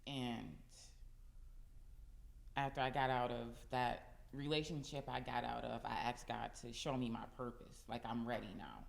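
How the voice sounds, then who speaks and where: A woman's voice: extremely low pitch, steady tone, moderate pace, gravelly. A woman giving an earnest, reflective personal testimony in casual chat. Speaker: podcast guest. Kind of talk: casual chat among women.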